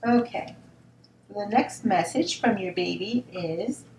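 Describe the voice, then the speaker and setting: A woman giving a spoken tarot reading in a gentle, reassuring tone, often repeating words and asking "all right?". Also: mid-range voice, takes it slowly. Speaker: tarot reader. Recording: roomy sound from a distance, faint noise.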